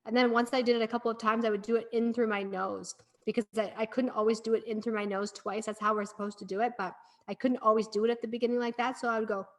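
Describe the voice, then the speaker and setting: A woman's voice: on the high side, little pitch movement, fast talker, few pauses. A middle-aged woman, a breathwork practitioner, talking as a podcast guest in an earnest, encouraging storytelling manner. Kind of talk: casual podcast conversation.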